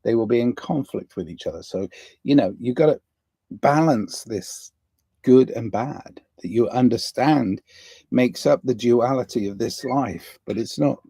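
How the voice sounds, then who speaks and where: A man muses aloud on his livestream about inner balance and kindness. He speaks slowly and unhurriedly, with a mellow, dark tone. The sound is dry and close, with little room echo. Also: medium pitch, slightly rough. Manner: slow, musing, drifting between soft and emphatic. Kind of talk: rambling spiritual monologue. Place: indoors near a window.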